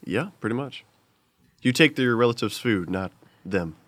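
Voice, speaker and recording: A man's voice: mid-range voice, lively intonation, normal speed, fairly bright tone, dry recording. A young man co-hosting a casual podcast, teasing the others in a smug, cheeky way. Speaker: podcast co-host. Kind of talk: casual chat.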